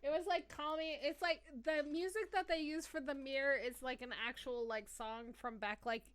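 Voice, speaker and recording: A young woman co-hosting a casual podcast chat, excitable and swearing freely with lots of fillers. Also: sits high, moderate pace, no room sound. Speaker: podcast co-host.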